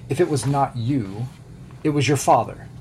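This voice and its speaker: A man's voice: low-pitched, moderate pace, a little hiss or hum, lightly acted. A man voicing a hungry, scheming male wolf in a storybook fable, snarling and blustering.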